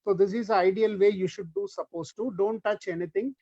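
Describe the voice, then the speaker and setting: Indian man, high-voiced webinar speaker, rambling, lo-fi call audio. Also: fairly even intonation, dark tone, no room sound. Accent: Indian English. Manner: fast, rambling, many fillers. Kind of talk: lecture over a video call. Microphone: computer or headset mic on a video call. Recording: dull, lo-fi video call audio.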